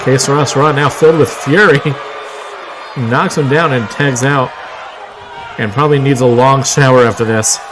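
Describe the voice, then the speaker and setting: A man doing live play-by-play commentary on a wrestling show, excitable, with frequent exclamations and wry asides. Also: mid-range voice, moderate pace. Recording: clear crowd noise and background noise.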